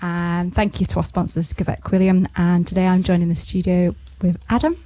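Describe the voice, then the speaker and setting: A woman's voice: on the low side, flat delivery, fairly quick, dark tone, no room sound. Woman, radio host, bubbly with lots of ums, dry studio sound. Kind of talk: casual radio chat.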